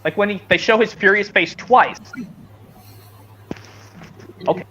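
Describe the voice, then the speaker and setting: A man's voice: sits high, a little slow, pushed and bright, muffled recording, slight background noise. A man streaming a casual chat, rambling and hesitant, with many restarts, heard over a video call.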